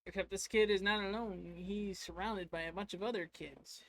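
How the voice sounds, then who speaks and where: A man's voice: sits high, steady tone, moderate pace, vocal fry, fairly bright tone. A man casually retelling a tabletop adventure to his stream chat, rambling and playful. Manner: rambling, playful, acts out lines. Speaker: streamer recounting a game.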